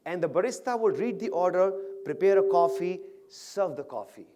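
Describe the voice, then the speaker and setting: Animated man giving a stage talk. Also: high voice, normal speed. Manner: energetic, questions the audience often, acts out dialogue. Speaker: motivational speaker at an awards event. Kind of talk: animated stage speech to an audience. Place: large event hall with live audience.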